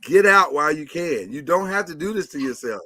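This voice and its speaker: Male sports-show host, bright higher voice, opinionated and chatty, dry mic. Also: lively intonation, fairly quick, dry recording. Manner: chatty, opinionated, runs the segments. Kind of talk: casual sports talk.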